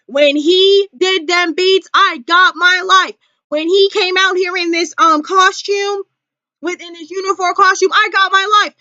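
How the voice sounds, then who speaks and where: A woman talking straight to camera in a casual commentary vlog, emphatic and animated, repeating her points. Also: very high-pitched, a little slow, no echo, highs cut off. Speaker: vlogger.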